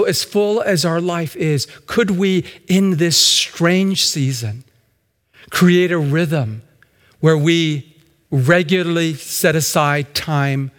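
Male pastor, reflective sermon delivery, voice a little high, long echo around him. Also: fairly bright tone.

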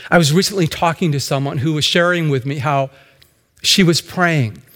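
A male pastor giving a slow, reflective sermon that builds in intensity toward the close. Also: on the high side, a bit bright, in a large hall.

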